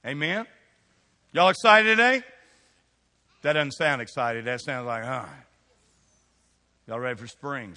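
A man with a Kentucky accent preaches a sermon in a church, folksy and teasing as he calls on people in the pews. His voice is bright and forceful, and it rings out into a long-reverb hall. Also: mid-range voice. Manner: folksy, teasing congregation members by name. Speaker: pastor. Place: church sanctuary.

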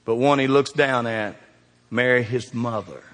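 A middle-aged man preaching a folksy sermon, swinging from loud emphasis down to hushed, quiet lines. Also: mid-range voice, unhurried. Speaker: pastor. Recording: reverberant hall.

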